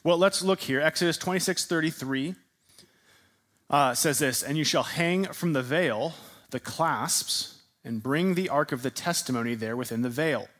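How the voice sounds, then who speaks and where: A man with a somewhat high, fairly bright voice teaches a sermon-style class at a normal speed. He asks his listeners questions, echoes their answers back, and leans heavily on repeated words for emphasis.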